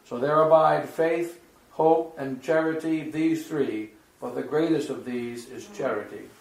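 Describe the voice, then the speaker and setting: A man, a priest, giving a measured, declamatory liturgical reading of scripture. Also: on the high side, creaky, reverberant, poor audio.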